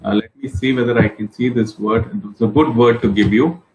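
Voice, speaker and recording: A male trainer leads an online English class, repeating each word slowly and building example sentences around it. He talks in a steady, encouraging way, with many fillers and restarts. His voice sits in the middle range and carries a roomy echo. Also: mid-range voice, noisy background. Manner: repetitive, explains words with example sentences.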